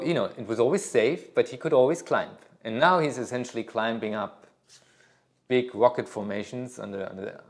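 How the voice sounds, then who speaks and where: Man giving a rambling yoga workshop talk. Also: fairly low pitch. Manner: relaxed, rambling, with many fillers and restarts. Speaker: yoga teacher.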